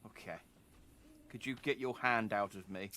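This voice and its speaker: A man's voice: on the low side, moderate pace, bright, forceful tone, slight background noise. A male streamer casually commenting on a game in a playful, joking way and laughing often. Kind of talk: let's play commentary.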